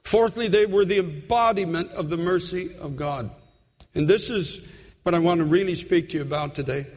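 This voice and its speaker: Pastor, male, high-pitched preacher's voice, impassioned sermon in a reverberant church. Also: normal speed, a little mellow. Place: large church sanctuary.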